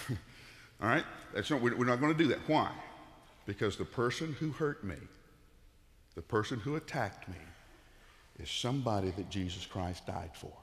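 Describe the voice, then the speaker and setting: A man's voice: moderate pace, pauses often. Man preaching in a reverberant church. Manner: conversational preaching, swings from loud emphatic bursts to low quiet tones. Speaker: pastor. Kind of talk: sermon.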